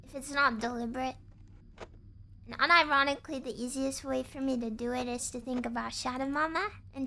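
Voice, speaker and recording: A woman's voice: high-pitched, gravelly, sharp tone, slight background noise. A woman streaming a game, chatting in a playful, goofy way and bantering with her chat. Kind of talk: casual gaming stream chat.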